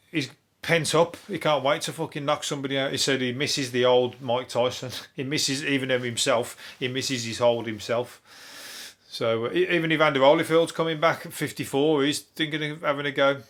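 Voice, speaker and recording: A man's voice: medium pitch, a bit bright. A man, a comedian hosting a solo news review podcast, talking in a rambling, heavily sweary way and laughing at his own jokes. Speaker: podcast host.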